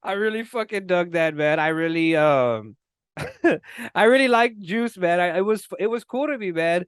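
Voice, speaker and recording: A man co-hosting a podcast, talking casually and profanely, acting out movie scenes with lively energy. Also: high-pitched, unhurried, clear, resonant tone, no room sound, clean studio sound. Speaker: podcast co-host. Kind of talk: casual chat.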